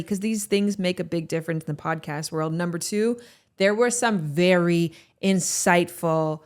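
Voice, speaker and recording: A woman hosting a podcast, talking candidly and reflectively to her listeners. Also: fairly low pitch. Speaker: podcast host. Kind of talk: solo podcast talk reading listener reviews.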